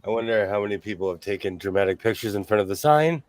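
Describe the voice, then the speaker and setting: A man's voice: lowish voice, fast talker, dry recording. A man hosting a sewing show, rambling through stories and laughing often in casual chat. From New York State. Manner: rambling, animated storyteller who laughs often.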